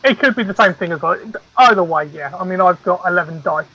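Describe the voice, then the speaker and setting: Dude on voice chat playing a tabletop game, high bright voice, kinda stammery. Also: male voice, quick pace, lo-fi sound. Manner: hesitant, repeats words. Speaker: player.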